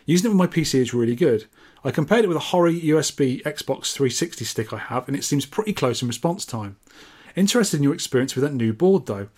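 A man's voice: a little high, lively intonation, fast, a little mellow, slightly rough. A man co-hosting a casual retro gaming podcast, reading out listener messages in a jokey, rambling way. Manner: jokey, rambling, self-deprecating. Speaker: podcast co-host.

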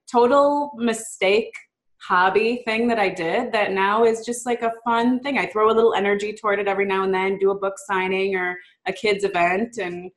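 A woman being interviewed about the children's book she wrote, chatty and upbeat, with lots of "um" and "like". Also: mid-range voice. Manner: chatty and upbeat, many fillers like "um" and "like"; mimics a child's voice in quotes. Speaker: guest, children's book author. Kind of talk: casual interview chat.

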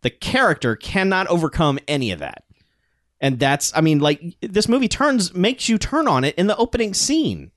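A man in a casual movie review chat, talking in an animated, sarcastic, profane way. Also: sits high, normal speed, no echo, studio quality. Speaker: podcast co-host.

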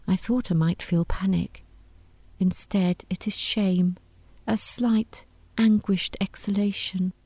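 A woman reading a first-person story aloud in a quiet, wry, deadpan manner. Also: medium pitch, takes it slowly, slightly rough, dry recording. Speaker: narrator.

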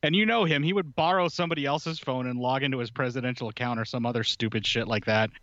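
A man's voice: mid-range voice, fast talker, fairly bright tone, no echo, muffled recording. A man chatting casually on a podcast, sarcastic and mocking, swearing freely. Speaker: podcast co-host. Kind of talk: casual political chat.

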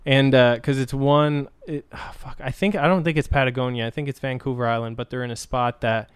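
A man hosts a casual, profane podcast and tells stories with lots of energy and frequent laughter. His voice is smooth and clean. He sits close to a dry studio mic. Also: mid-range voice, a little fast, no room sound. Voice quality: animated storyteller, profane, laughs often. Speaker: podcast host. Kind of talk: casual crude podcast chat.

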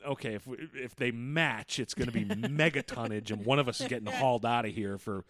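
A man co-hosting a casual chat podcast, telling stories in a profane, animated way. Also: mid-range voice, a little fast, dry recording, studio quality. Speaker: podcast co-host.

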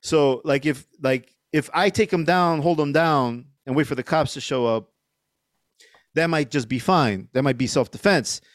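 A man's voice: fairly high pitch, moderate pace, dry recording, studio quality. A middle-aged man, a podcast guest, telling a story casually with lots of fillers and swearing. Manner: rambling, profane, lots of fillers.

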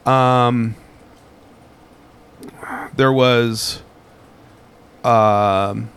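A man's voice: medium pitch, fairly even intonation, drawn-out words, a bit bright, clean tone. A man telling a story in casual podcast chat, rambling and full of fillers like "like" and "um". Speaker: podcast co-host.

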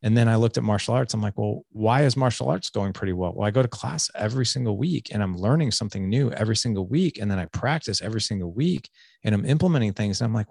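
A man's voice: lowish voice, lively intonation, quick pace, vocal fry, darkish tone, slightly rough, no room sound, studio quality. A man in his forties, a podcast guest, earnestly telling a personal story in a candid, confessional way. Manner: earnest, confessional, with frequent restarts and "like".

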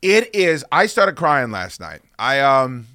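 A man co-hosting a podcast, telling stories in casual chat, profane and animated. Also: medium pitch, slow, dry recording, studio quality. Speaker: podcast co-host.

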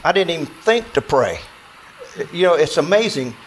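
A man telling a true outdoor story to an audience in a folksy, animated way, acting out dialogue with plenty of fillers. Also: a little high, moderate pace, a little hiss or hum, rough recording.

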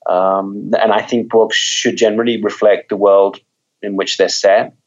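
A man's voice: on the low side, flat delivery, normal speed, muffled recording. A man, a mystery author, talking in a conversational interview, thoughtful, often repeating words as he thinks.

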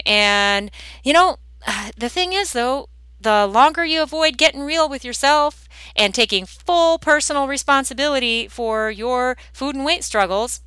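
Bright, blunt woman podcast host. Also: sits high, smooth, no room sound. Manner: blunt, animated, sing-song delivery. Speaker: podcast host and weight loss coach. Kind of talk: direct solo podcast talk.

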